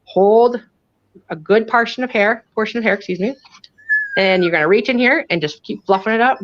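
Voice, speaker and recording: A woman with a Western New York accent, a professional dog groomer, giving a chatty, animated grooming demonstration and checking in with "okay?" as she goes. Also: mid-range voice, brisk. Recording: dull lo-fi audio.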